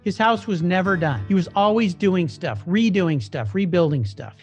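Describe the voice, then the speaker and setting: A middle-aged man, a guest, telling a personal story in a casual, animated way, acting out the voices of the people in it. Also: sits high, normal speed. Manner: animated, acts out quoted dialogue. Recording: slightly dull lo-fi recording with faint music.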